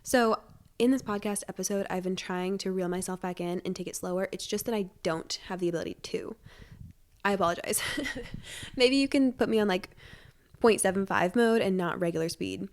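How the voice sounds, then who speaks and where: A young woman in her twenties hosting a casual solo podcast from home, talking quickly in a rambling, self-deprecating way, with a stuffy nose. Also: mid-range voice. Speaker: podcast host.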